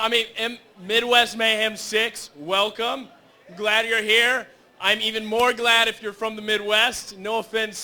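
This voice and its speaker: A man emceeing a gaming tournament, teasing the crowd and shouting to get them cheering. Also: sits high. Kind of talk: joking crowd introduction. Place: large indoor tournament venue.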